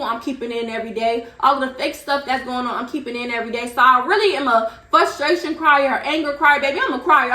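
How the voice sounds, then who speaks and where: A young woman vlogger telling a storytime in an animated, slangy way. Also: high voice, echoey room. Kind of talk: storytime vlog.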